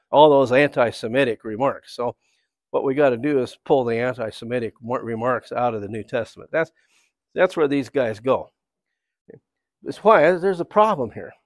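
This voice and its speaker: A man's voice: medium pitch, normal speed, no room sound. A man giving a church talk, telling stories in a rambling, conversational way. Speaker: church speaker. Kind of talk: anecdotal sermon talk.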